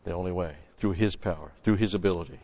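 A man teaching through Bible verses as a pastor, punching key words loudly and then dropping into quick, quieter asides. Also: deep voice, slightly rough. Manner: emphatic, swells loud on scripture then drops to asides. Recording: lo-fi recording with long hall reverb.

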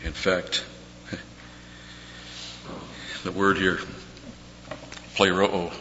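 In a measured, deliberate cadence, a man preaches an expository sermon, hammering key words through repetition; his tone is bright, forceful, and slightly low. The recording is muffled, with lengthy hall reverb and a faint underlying hum.

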